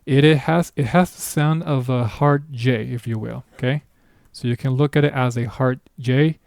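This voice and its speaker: A man's voice: medium pitch, normal speed, creaky, darkish tone, no echo, clean studio sound. A man teaching a beginner language lesson, explaining patiently in a casual way with small asides. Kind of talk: recorded online lesson.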